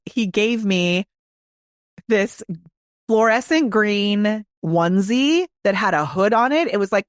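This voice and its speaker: A video marketing expert appears as a guest on a podcast and tells stories quickly, enthusiastically, and casually. Her mid-range voice is recorded with studio quality and no echo.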